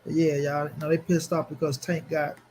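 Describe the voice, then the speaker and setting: A man hosting a casual boxing livestream, speaking in an animated, slangy way as he answers his chat. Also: on the high side, moderate pace, slight background noise. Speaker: boxing commentary channel host.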